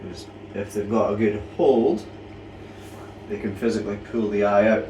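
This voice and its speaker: This man's voice is lowish and darkish, at a moderate pace, captured on a distant mic with slight background noise. As a reptile keeper and channel host, he chats casually to the camera, a little winded, cooing tenderly at the big pythons in his hands.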